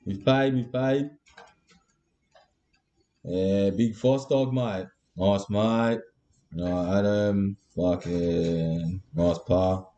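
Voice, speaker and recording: A man's voice: lowish voice, fairly even intonation, drawn-out words, long pauses, dark tone, dull audio. An Australian man hosting a live card break, with crude, laddish banter and constant swearing.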